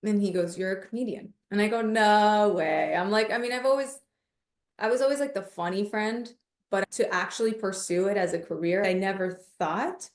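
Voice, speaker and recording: A woman guest on a podcast, a comedian and mindfulness coach, telling stories in a lively, casual way and acting out the voices of people she quotes. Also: medium pitch, fairly quick, reverberant. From United States. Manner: animated, acts out quoted voices in her stories. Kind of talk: casual interview storytelling.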